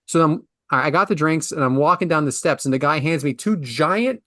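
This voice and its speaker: In a bright, forceful voice with lively intonation and a moderate pace, a podcast host in his forties rants through a casual story. He sounds exasperated, moving between low mutters and high outbursts, in clean studio sound with no echo.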